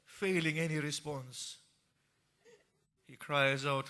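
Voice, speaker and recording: A man narrating an emotional religious story in a sermon, moving from hushed tones to impassioned cries. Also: mid-range voice, takes it slowly, long pauses. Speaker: preacher.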